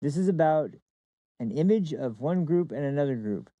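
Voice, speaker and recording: A man making a forceful political argument, full of fillers and restarts. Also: fairly high pitch, lively intonation, moderate pace, dry recording, poor audio.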